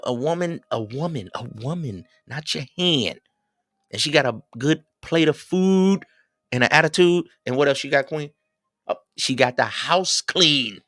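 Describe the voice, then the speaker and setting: A middle-aged man, hosting a livestream and giving preachy, animated advice to his viewers. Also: medium pitch, no room sound, studio quality. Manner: preachy, animated, quotes others in raised voices. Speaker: livestream host. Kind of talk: casual advice talk to viewers.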